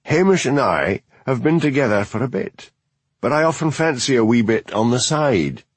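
A man's voice: medium pitch, animated, moderate pace, slightly rough, no room sound, voice pushed up. A man voicing a big, jokey police constable with a teasing manner.

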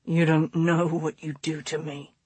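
A woman's voice: sits low, little pitch movement, measured pace, a little mellow, breathy edge, dry recording, voice pushed down, heavily acted. A woman doing a strained, groaning man. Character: young adult man, an ardent, strained lover.

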